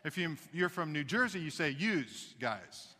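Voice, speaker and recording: A man's voice: fairly high pitch, fairly quick, pushed and bright, big-room sound. A man preaching a sermon, emphatic, with folksy asides. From United States. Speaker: pastor.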